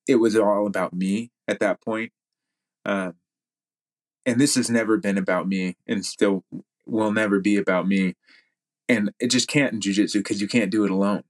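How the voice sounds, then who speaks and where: A man speaking as a podcast guest, telling a story in a rambling way with lots of fillers and restarts. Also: lowish voice. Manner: rambling, many fillers and restarts, laughs while talking. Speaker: podcast guest, jiu-jitsu athlete. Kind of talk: casual storytelling.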